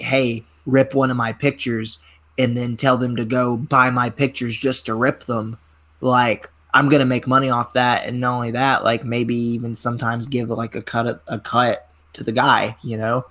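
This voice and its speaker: A man in his twenties, a pro wrestler guest telling rambling, animated stories in a casual interview, full of filler words. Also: mid-range voice. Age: 20s.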